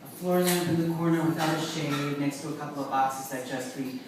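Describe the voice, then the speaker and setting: A man from Long Island telling a comic story on stage, wry and animated with self-mocking asides. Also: a little high, brisk, noisy background. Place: live performance venue with audience. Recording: echoey room, far from the mic, audience laughter.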